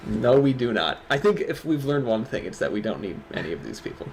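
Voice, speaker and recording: A man's voice: mid-range voice, big pitch swings, a little fast, a little mellow, a little hiss or hum. A man with a Midwestern accent co-hosting an online awards stream, joking and teasing his co-host in casual chat. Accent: Midwestern American.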